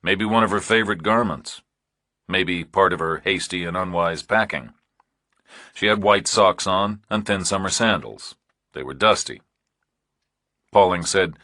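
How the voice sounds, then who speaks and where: A man reading a thriller audiobook in a measured, deliberate narration. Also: low voice, bright, forceful tone, no echo, studio quality. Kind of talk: scripted narration.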